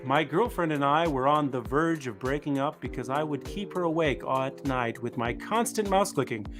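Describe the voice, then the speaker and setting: A man co-hosting a casual automotive talk show, reading funny reviews aloud in a deadpan way. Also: medium pitch, moderate pace, over music. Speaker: podcast co-host.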